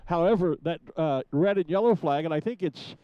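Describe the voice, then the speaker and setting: A man's voice: fairly high pitch, brisk, smooth, muffled recording. Chatty male live event commentator. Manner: chatty, hesitant with many fillers. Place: rooftop studio.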